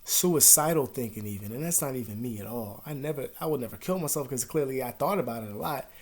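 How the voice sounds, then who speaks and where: A man's voice: medium pitch, animated, quick pace. Rambling, profane young man vlogging. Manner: profane, rambling, drops to a mutter then bursts loud. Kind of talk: casual confessional talk to camera. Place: at home.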